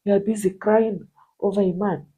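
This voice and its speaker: A woman's voice: medium pitch, fairly even intonation, normal speed, husky, phone-quality sound. Emphatic woman marriage coach. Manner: emphatic, repetitive rhetorical questions. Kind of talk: motivational preaching.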